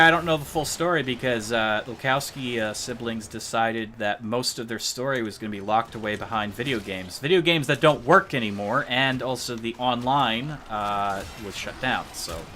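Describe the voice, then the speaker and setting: A male game streamer talks through a live stream in loose, rambling chatter, joking about himself as he plays. His voice is bright and forceful, sitting at a middling pitch. A faint hiss runs underneath. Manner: rambling, joking, self-mocking.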